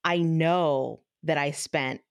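A woman in her thirties co-hosting a podcast, teasing and animated in casual chat. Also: sits low, slow, dry recording, clean studio sound. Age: 30s. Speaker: podcast co-host.

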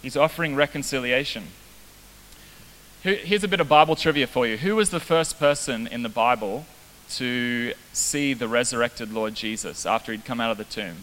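Joking youth pastor in a hall. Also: male voice, medium pitch, normal speed, fairly bright tone. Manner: casual, joking, self-deprecating. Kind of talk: sermon. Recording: reverberant hall with faint hiss.

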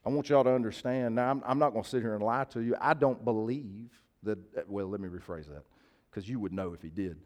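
A man's voice: lowish voice, fairly quick, darkish tone. A male preacher, giving a sermon in a casual, folksy way and often asking his listeners to agree. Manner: conversational, folksy, asks the crowd to agree.

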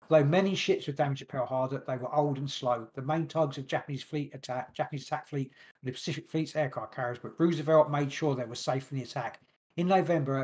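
A man hosting a podcast, reading long passages from his notes quickly and stumbling over words now and then. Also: medium pitch, a little mellow. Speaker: podcast host. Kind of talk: casual podcast chat, reading notes aloud.

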